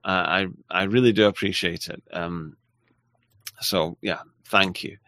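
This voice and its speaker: A man hosting a casual livestream, reading viewer messages aloud in a halting, apologetic way. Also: sits low, steady tone, sharp tone, no room sound. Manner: halting and apologetic, with frequent restarts and laughs. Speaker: livestream host.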